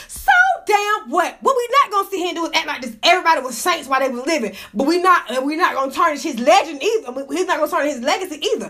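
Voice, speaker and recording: Very high-pitched woman ranting on a phone. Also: sharp tone. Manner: profane, fired-up ranting, laughs often. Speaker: livestream host. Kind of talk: casual gossip livestream. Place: indoors.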